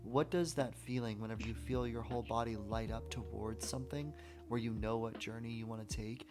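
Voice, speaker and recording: A man hosting a podcast, chatting casually and telling stories in a relaxed way. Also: medium pitch, a little fast, music in the background. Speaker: podcast host. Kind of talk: casual conversational interview.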